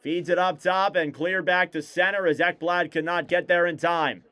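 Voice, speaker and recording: Smooth, higher-voiced male hockey commentator. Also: fairly even intonation, bright, forceful tone. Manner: rapid clipped play calls, rising on shots. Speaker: play-by-play commentator. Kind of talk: live hockey play-by-play.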